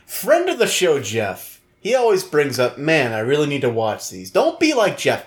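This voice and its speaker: A man co-hosting a podcast in casual, joking chat with quick asides. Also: a little high, wildly swooping pitch. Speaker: podcast co-host.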